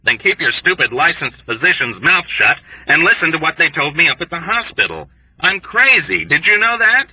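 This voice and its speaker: Guy doing a panicky airman yelling and begging, pitched way up, bright and edgy. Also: expressive, moderate pace, husky, lo-fi sound, exaggerated voice. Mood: frantic pleading. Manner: shouting, pleading, agitated. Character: frantic desperate young male airman.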